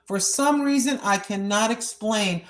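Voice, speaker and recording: Walking outdoors, a sixty-something American woman vlogs in an unhurried, medium-pitched voice. Her talk is spoken prayer and testimony, earnest, repetitive and preacherly.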